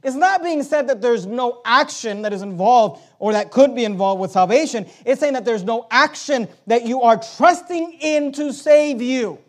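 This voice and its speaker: A man with a very high voice delivers an emphatic sermon. He leans hard on key words and puts rhetorical questions to his listeners, pausing to read verses aloud. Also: animated. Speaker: preacher.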